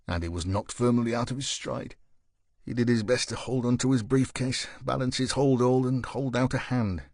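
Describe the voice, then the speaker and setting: A man narrates an audiobook with steady, even storytelling, a scripted narration. His medium-pitched voice moves at a moderate pace, with no echo and studio-quality sound.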